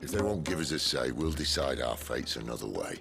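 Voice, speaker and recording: An actor playing a cynical middle-aged male rebel leader with a deep, gravelly voice and a wry, world-weary manner. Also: big pitch swings, a little fast, full character voice. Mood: resolute. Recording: game audio with music behind.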